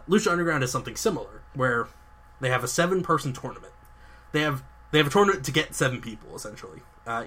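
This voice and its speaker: A young man hosting a podcast, telling a long story with excitement, lots of fillers and restarts. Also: mid-range voice. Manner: enthusiastic, rambling storytelling with many fillers and restarts. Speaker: podcast host. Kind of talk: casual chat.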